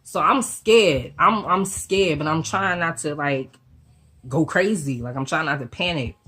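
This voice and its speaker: A woman with a low, husky voice tells a storytime on her vlog. She talks in an animated, slangy way and swears freely. She slips into the voices of the people in her story as she goes. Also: unhurried. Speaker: vlogger.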